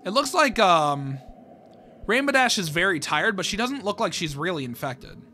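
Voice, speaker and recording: A man's voice: sits high, very animated, moderate pace, pushed and bright, slight background noise. A man on a video channel reading a fan horror comic aloud and reacting casually as he goes. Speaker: YouTuber. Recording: music playing underneath.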